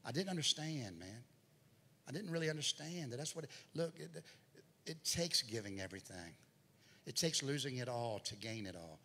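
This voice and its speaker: A man's voice: mid-range voice, lively intonation, moderate pace, pushed and bright, husky. A middle-aged man preaching a testimony in a church, his voice swelling and dropping as he tells the story. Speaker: guest preacher. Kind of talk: sermon testimony. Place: church sanctuary. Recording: hall reverb, faint noise.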